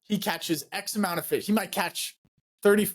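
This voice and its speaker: Male co-host with a slightly high voice, emphatic and enthusiastic in casual chat. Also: normal speed. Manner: enthusiastic, emphatic, repeats phrases. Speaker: podcast co-host.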